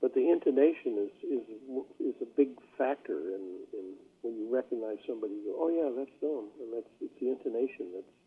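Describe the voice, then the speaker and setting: An older man, a jazz bassist being interviewed, telling stories in a rambling way with many fillers. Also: husky. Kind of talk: casual interview talk. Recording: phone-like line.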